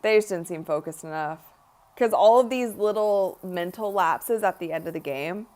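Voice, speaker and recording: A woman's voice: on the low side, moderate pace, darkish tone. Chatty young woman, tired and yawning. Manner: chatty, frequent "like" and "honestly". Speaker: livestream host. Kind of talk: casual live watch-party commentary.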